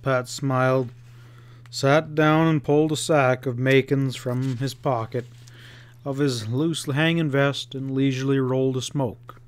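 A man narrating a Western novel as an audiobook in a measured, unhurried storytelling voice on a close mic. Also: medium pitch, fairly even intonation, clear, resonant tone.

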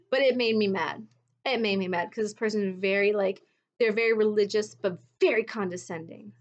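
A woman's voice: mid-range voice, fairly quick, muffled recording. A woman vlogging at home in a blunt, exasperated tone, with mocking asides. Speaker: vlogger recounting her MLM experience. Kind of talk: casual commentary video.

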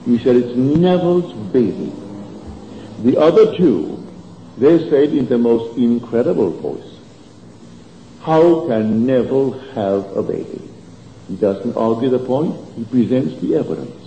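A man lectures on spiritual matters in a very dark, mellow voice, his pitch leaping and falling with emphasis. The sound is dull and lo-fi like an old archival tape, with a long hall reverb and faint hiss behind him. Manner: emphatic, swooping delivery with sudden rises and drops.

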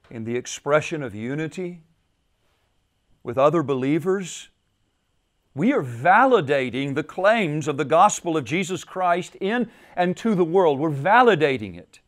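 A male pastor delivers a sermon with a fairly high voice. He repeats key phrases and lets his delivery drop to a hush before rising again for emphasis. The setting is a retreat gathering. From United States. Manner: repeats phrases, rises and falls in pitch and volume for emphasis. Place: church at a men's retreat.

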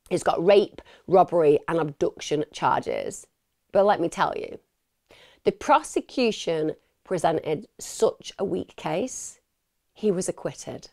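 Female true crime presenter, low and a bit fry-edged, chatty and outraged, talks straight to viewers. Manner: animated and indignant, addressing viewers directly. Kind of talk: casual true crime commentary to camera.

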